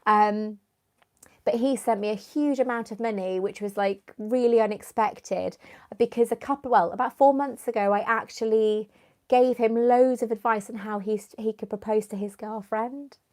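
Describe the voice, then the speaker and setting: A woman's voice: on the high side, fairly even intonation, normal speed, a little mellow. A young woman, chatting casually on a live stream, rambling and answering viewers by name, with a runny nose. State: runny nose, clearing her throat. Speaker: YouTuber hosting a live stream.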